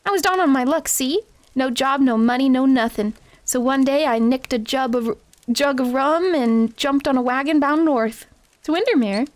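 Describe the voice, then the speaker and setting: A woman's voice: high voice, normal speed, lightly acted. A woman reading the lines of a scrappy, cheeky male street-raised critter from a cozy game.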